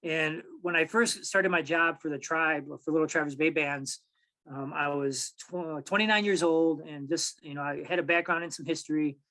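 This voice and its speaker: A man in his forties from Michigan, telling a personal story at a public talk in an easy, halting way with many pauses and restarts. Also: fairly high pitch, steady tone, bright, forceful tone, poor audio. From Michigan, USA. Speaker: tribal archives director, speaker.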